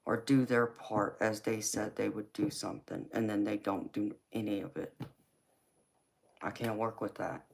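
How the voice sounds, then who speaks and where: A tarot reader on a livestream, a woman from California with a Southern accent from Georgia, chats casually and reads viewer comments, drawling relaxedly and calling people baby. Her voice is extremely low, creaky with a breathy edge, at a moderate pace.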